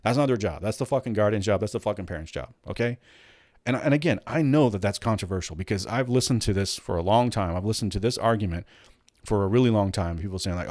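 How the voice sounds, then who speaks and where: A man's voice: fairly low pitch, fast talker, darkish tone, dry recording. Blunt, swearing man on a dry mic. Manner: blunt, profane ranting with many restarts. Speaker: host. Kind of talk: casual commentary.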